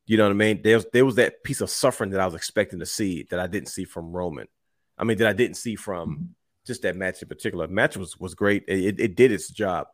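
A man's voice: sits low, fast talker, dry recording, studio quality. A man co-hosting a casual wrestling podcast, retelling matches with acted-out quotes. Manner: animated storyteller, acts out quotes. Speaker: podcast co-host.

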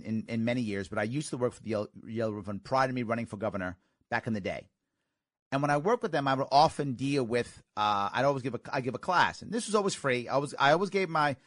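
A man's voice: a little high, a bit bright, dry recording, studio quality. A man hosting a show, talking casually and animatedly to his listeners, with restarts and giggles. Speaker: podcast host. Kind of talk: casual solo talk answering listener questions.

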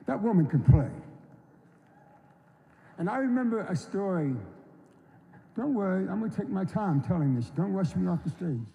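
A man in his seventies from North Carolina, giving an unhurried, folksy storytelling speech at an induction ceremony. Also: sits high, animated, vocal fry, warm tone, muffled recording. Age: 70s. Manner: unhurried, folksy, acts out quoted voices. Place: large hall. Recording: long reverb of a large hall.

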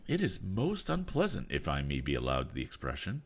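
A man voicing a calm, steely middle-aged sea captain who speaks in a measured, grave way. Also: a bass voice, full character voice.

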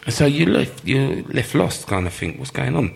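A former footballer telling lively stories in an interview, laughing often and acting out the people he quotes. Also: medium pitch, moderate pace, vocal fry. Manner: animated storyteller, laughs often, acts out quoted voices. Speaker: former professional footballer, guest. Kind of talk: live storytelling interview.

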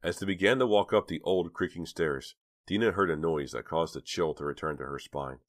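A man with a very low voice narrating an audiobook. He reads in a measured, even storytelling manner. The sound is dry and close, with no room around it. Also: no echo. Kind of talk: scripted narration.

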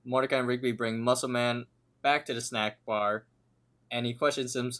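Male podcast co-host, average pitch, casual scene-by-scene recap. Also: steady tone, normal speed, fairly bright tone. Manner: retells scenes at length, reading lines out.

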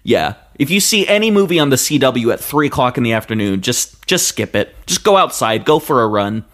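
A young man co-hosting a casual movie podcast. He talks with a lively, swooping pitch and loud exclamations, sometimes slipping into a playful awards-show announcer manner. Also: a little fast. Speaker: podcast co-host.

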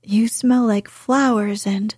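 A woman voicing a sickly but delighted young boy in a storybook, speaking in a soft whisper. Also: medium pitch, steady tone, slow, husky, no room sound, clean studio sound. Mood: wondering.

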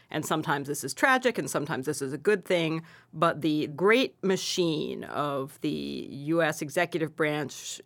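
A podcast host poses long, deliberate, winding questions. The voice has a gravelly, creaky texture at a middle pitch. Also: fairly bright tone. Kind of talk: podcast discussion.

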